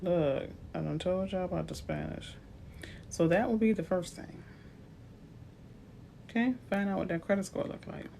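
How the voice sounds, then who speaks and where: A woman's voice: lowish voice, steady tone, moderate pace, creaky, pauses often, warm tone, slight background noise. A woman from New Orleans with a New Orleans accent, a realtor giving chatty, playful advice on a live stream. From New Orleans, USA. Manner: chatty, playful asides to viewers.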